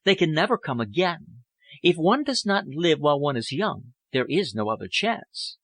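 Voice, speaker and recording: A man's voice: a little high, sing-song, moderate pace, dry recording, voice pushed up, heavily acted. Man putting on a silky, seductive society woman. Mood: wistful. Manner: languid, elegant, gently persuasive.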